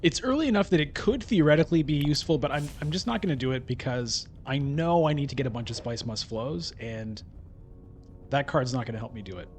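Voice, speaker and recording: A man's voice: medium pitch, brisk, faint music behind. A man thinking aloud while giving casual gameplay commentary on a digital board game. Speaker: gameplay streamer.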